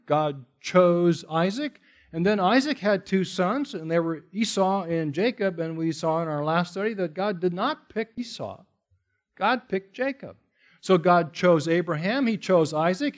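Emphatic man teaching a Bible study. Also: high-pitched. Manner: emphatic, repeats key phrases, rhetorical questions. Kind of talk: expository sermon.

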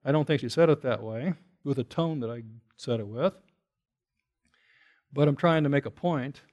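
A man's voice: medium pitch, normal speed, a little mellow. A man preaching a sermon, explaining Greek words conversationally and rising to emphatic bursts as he retells scripture. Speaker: pastor.

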